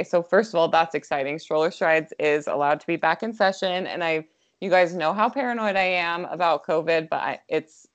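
Lower-pitched woman gushing on a lo-fi mic. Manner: gushing, warmly encouraging, quick to laugh. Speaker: podcast co-host. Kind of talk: casual chat.

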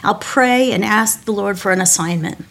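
A woman's voice: medium pitch, moderate pace, vocal fry, fairly bright tone. A middle-aged woman pastor giving a devotional talk, telling personal stories in a candid, self-deprecating way with small restarts.

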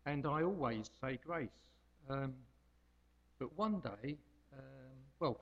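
A man's voice: mid-range voice, expressive, takes it slowly, gravelly, highs cut off. A man giving an informal devotional talk as a lay preacher, homely and rambling, hesitating with frequent ums.

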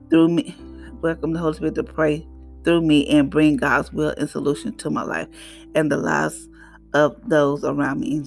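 A middle-aged woman hosting her own podcast, giving an emphatic, faith-based motivational talk with animated, preachy delivery. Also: low voice, vocal fry. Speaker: podcast host.

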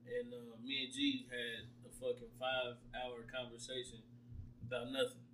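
A man co-hosting a podcast, talking in a relaxed, slangy, rambling way. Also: medium pitch, moderate pace, vocal fry, distant mic, a little hiss or hum. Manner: laid-back, slangy, rambling storytelling. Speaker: podcast co-host. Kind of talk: casual chat.

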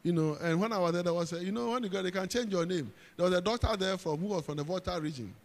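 A man's voice: sits high, fast talker. Ghanaian preacher man in a reverberant hall. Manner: emphatic preaching, repeats phrases, calls out to congregation. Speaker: pastor. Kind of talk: sermon.

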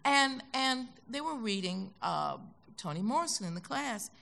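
An older American woman telling stories as a guest in an onstage conversation, animated and acting out the voices she quotes. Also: fairly high pitch, unhurried, creaky. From United States. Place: concert hall stage.

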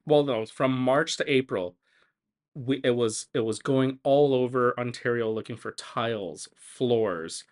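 A man's voice: mid-range voice, a little slow. A young man hosting his podcast, telling stories casually with a teasing, joking manner. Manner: joking, teasing, loose storytelling. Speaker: podcast host.

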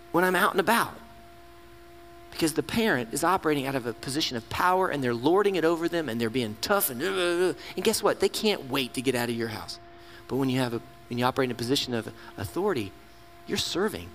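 A middle-aged man giving a sermon as a camp ministry director, telling stories and acting out the quotes. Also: on the high side. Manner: storytelling, animated, acts out quotes. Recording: long hall reverb with faint hum.

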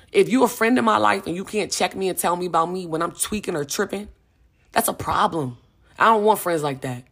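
Brief: young woman, podcast host, slightly low voice, casual emphatic monologue full of slang. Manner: emphatic, slangy, repeats "you know what I'm saying".

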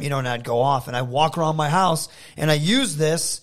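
A man's voice: on the high side, a little fast, hardly any pauses. A man from Michigan, a professional wrestler, telling enthusiastic stories as a guest in a casual interview. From Saginaw, Michigan. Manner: animated, enthusiastic storyteller.

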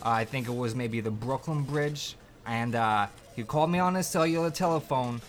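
A man giving gruff, crude, deadpan answers as an emergency call dispatcher in a comedy interview. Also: mid-range voice, normal speed, a little hiss or hum.

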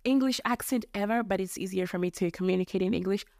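A woman's voice: medium pitch, quick pace, darkish tone, no room sound, studio quality. A young woman from Mozambique hosting a solo podcast from her bedroom, ranting casually in a rambling, self-deprecating way with casual swearing. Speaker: podcast host.

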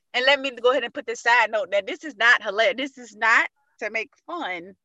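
A woman's voice: on the high side, lively intonation, moderate pace, very noisy. A woman co-hosting a casual podcast, retelling a funny video with lots of profanity and laughter. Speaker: podcast co-host. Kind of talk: casual chat, storytelling.

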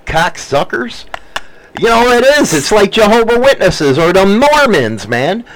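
A man hosting a casual talk show at home, telling crude, animated stories and swearing constantly. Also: sits high, measured pace, poor audio. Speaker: podcast host. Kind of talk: casual profane storytelling.

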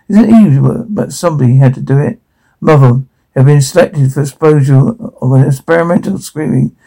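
A man reading a zombie game's captions and dialogue aloud, naming the sound cues in a flat, matter-of-fact way. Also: fairly high pitch, normal speed, vocal fry, rough recording.

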